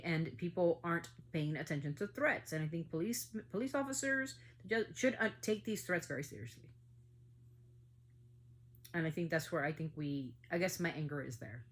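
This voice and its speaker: A woman's voice: lowish voice, animated, normal speed. A middle-aged woman hosting a family podcast, talking with anger and emphatic outbursts. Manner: angry, emphatic, with surges of loudness. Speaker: podcast host. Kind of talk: emotional commentary.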